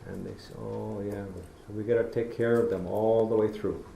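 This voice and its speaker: A middle-aged man gives a folksy storytelling lecture, his voice gravelly and mellow. He speaks in a roomy lecture hall, and a faint hiss sits under the recording. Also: lowish voice, flat delivery, normal speed. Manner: storytelling, folksy, acts out talking to kids. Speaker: public lecturer. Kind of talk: public talk.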